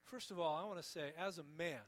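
A man preaching a sermon in an earnest, gentle, pleading way, often dropping soft on key words. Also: fairly high pitch, fast, rough recording. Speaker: pastor.

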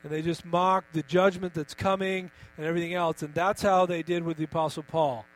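A man delivers a sermon with emphatic force, pitched a little high for a male voice. He keeps turning questions back on his congregation. A steady mains hum runs beneath the recording. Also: brisk, poor audio. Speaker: pastor.

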